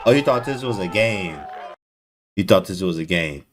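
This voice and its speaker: A man commentating chess live to his stream chat, excitable and disbelieving, talking in casual slang. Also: fairly low pitch, moderate pace.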